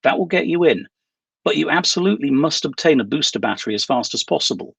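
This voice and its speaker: A man reading a novel aloud voices a calm, businesslike female handler giving instructions by phone. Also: mid-range voice, fast talker, gravelly, slightly rough, no room sound, full character voice. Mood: brisk.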